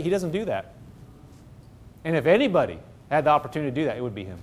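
Man preaching with big swings. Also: fast talker. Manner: swings from loud exclaiming to low hushed tones. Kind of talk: sermon.

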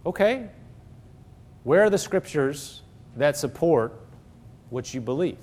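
A man's voice: on the high side, expressive, slow, long pauses, a little mellow. A man preaching a sermon as pastor, emphatic, throwing rhetorical questions at the congregation.

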